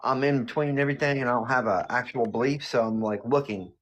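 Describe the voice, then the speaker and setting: A man's voice: mid-range voice, quick pace, fairly bright tone, slight background noise. Hesitant man in his forties. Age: 40s. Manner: hesitant, laughs nervously. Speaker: caller. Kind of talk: casual conversation.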